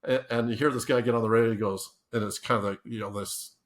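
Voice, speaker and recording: Quick-paced, with a mid-range voice and fairly even intonation, a podcast guest spins casual tales in conversation. He often starts over, laughs frequently and dramatizes the quotes.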